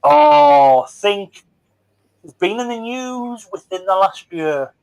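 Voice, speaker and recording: A man's voice: very high voice, lively intonation, slow, gravelly, a little mellow, smooth, no room sound, lo-fi sound. A man hosting a live stream chat, teasing and jokey. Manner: teasing, jokey, mimics others. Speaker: livestream host. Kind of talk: casual chat.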